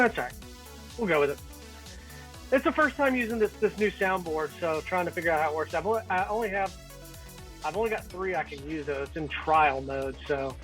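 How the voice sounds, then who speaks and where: A man's voice: on the high side, moderate pace, long pauses, fairly bright tone, soft background music, low-quality recording. A man co-hosting a casual podcast chat, joking and laughing with friends. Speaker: podcast co-host.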